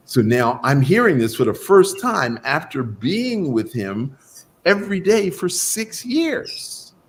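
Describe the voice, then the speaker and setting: Animated slow-talking male storyteller. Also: lowish voice, a little hiss or hum. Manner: animated, acts out quoted dialogue. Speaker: guest doctor of Chinese medicine. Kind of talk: storytelling in an interview.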